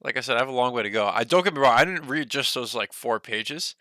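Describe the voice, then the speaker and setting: A man's voice: medium pitch, expressive, fast talker, bright, forceful tone, no echo. A young man hosting a casual stock livestream, rambling loosely with lots of "like" and "you know", a bit short of breath.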